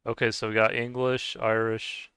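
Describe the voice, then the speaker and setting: Rambling, low-voiced man chatting casually. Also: level tone, moderate pace, pushed and bright, clear, resonant tone, dry recording. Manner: rambling and hesitant, many fillers and restarts; chuckles often while talking. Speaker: game streamer chatting with viewers. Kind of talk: casual chat while playing.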